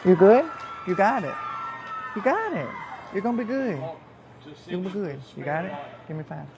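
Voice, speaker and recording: A male stand-up comedian doing brash, teasing crowd work, often shouting his punchlines. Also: high voice, very animated, moderate pace. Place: comedy venue with a live audience. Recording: live stage mic, loud crowd noise.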